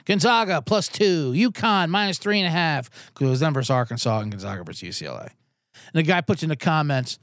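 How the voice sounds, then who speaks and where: A man hosting a podcast in a casual comedic rant, exasperated and sarcastic, rambling with quick asides. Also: on the high side, lively intonation, fairly bright tone, dry recording, clean studio sound. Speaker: podcast host.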